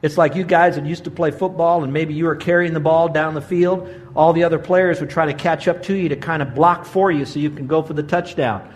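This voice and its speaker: Animated older male pastor preaching. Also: brisk, few pauses. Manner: animated storytelling, voices quotes with big pitch jumps. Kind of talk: sermon.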